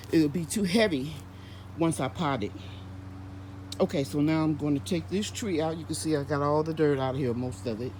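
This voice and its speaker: A woman's voice: sits low, darkish tone, a little hiss or hum, low-quality recording. A woman hosting a gardening vlog outdoors in her home garden, chatting and explaining each step as she works. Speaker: gardening channel host. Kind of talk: casual vlog narration.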